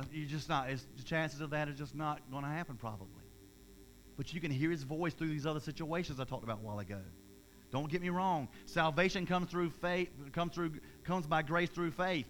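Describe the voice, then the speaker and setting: A man, preaching a sermon in an energetic, emphatic way, with repeated phrases and restarts. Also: on the high side, a little hiss or hum.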